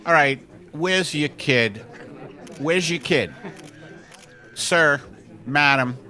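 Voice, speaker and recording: A man's voice: a little high, extremely slow, sharp tone, full character voice. A man playing an exasperated, foul-mouthed male portrait photographer in an improvised sketch. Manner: exasperated, cursing, bossy.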